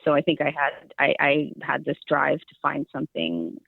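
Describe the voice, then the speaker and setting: A middle-aged woman telling stories in a casual interview, chatty and quick to laugh. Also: low voice, vocal fry, dry recording. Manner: chatty, laughs often, animated storyteller. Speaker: guest. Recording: tinny phone-like line.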